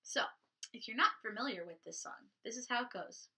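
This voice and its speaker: A woman, a children's librarian, leading a storytime, animated and encouraging as she talks to children. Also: a little high, a little fast, slight background noise. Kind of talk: storytime reading for kids.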